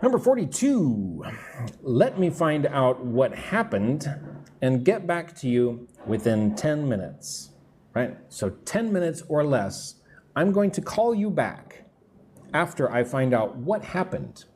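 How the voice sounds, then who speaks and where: A man teaching a live English lesson, who explains words slowly and checks in with the class, with construction noise near his room. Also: mid-range voice, very animated, a little mellow. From lives in Vietnam.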